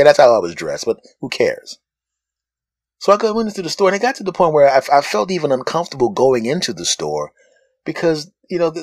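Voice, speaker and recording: A man hosting a podcast, telling a comic story about being judged and acting out the people in it. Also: no echo. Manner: animated, acts out other people in high mocking voices. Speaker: podcast host. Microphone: phone.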